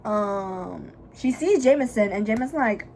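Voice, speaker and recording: A young woman vlogger chatting casually while doing her makeup, retelling a story in a gossipy, profane, dramatic way and bursting into loud, high laughs. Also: animated, a little slow, vocal fry, slight background noise, rough recording.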